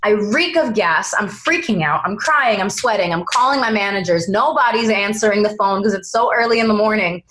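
Young woman, actress guest; casual, animated anecdotes. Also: mid-range voice, a little fast, hardly any pauses, poor audio. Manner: animated storyteller, acts out quoted voices. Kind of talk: casual interview chat.

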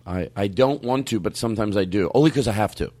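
A man's voice: fairly low pitch, quick pace, warm tone. A man hosting a comedy podcast, joking and laughing often in casual chat. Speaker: podcast host.

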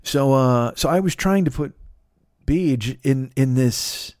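A man's voice: mid-range voice, takes it slowly, a little mellow, no echo, clean studio sound. A man hosting a podcast who talks through a long confessional monologue, swearing often and rambling with many restarts and self-deprecating asides. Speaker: podcast host.

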